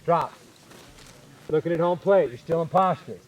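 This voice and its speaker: A man coaching baseball infielders on a field, calling out short, energetic drill cues and explaining technique. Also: fairly high pitch, fast.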